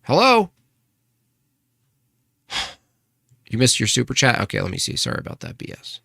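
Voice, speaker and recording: A man's voice: medium pitch, wildly swooping pitch, normal speed, vocal fry, pushed and bright, slightly rough, no echo, clean studio sound. A man hosting a casual live stream, arguing with chat and asking pointed rhetorical questions. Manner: argumentative, rhetorical questions, restarts.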